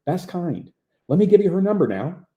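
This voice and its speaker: A woman's voice: on the low side, sing-song, normal speed, echoey room, highs cut off, voice pushed up. A man voicing a friendly, motherly telephone operator woman with a Newfoundland accent and sing-song, chatty dialect. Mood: warm chatty.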